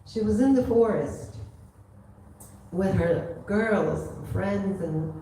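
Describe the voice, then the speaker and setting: Relaxed female devotional storyteller, warm tone, roomy distant hall sound. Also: mid-range voice, slow pace, slight background noise. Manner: casual, lots of "you know". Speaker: storyteller at a temple gathering. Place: temple hall. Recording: echoey hall from far off.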